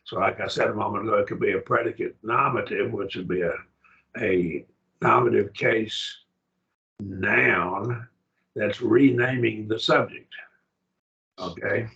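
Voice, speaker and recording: A man's voice: lowish voice, unhurried, vocal fry, long pauses, pushed and bright, lo-fi sound. An older man teaching a Greek grammar lesson, patient, checking that his student follows. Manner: patient, explains step by step, checks understanding.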